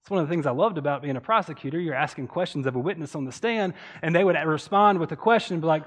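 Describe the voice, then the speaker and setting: A man's voice: on the high side, quick pace, hardly any pauses, a bit bright. A man preaching a sermon in an earnest tone, building his points through rhetorical questions. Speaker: pastor.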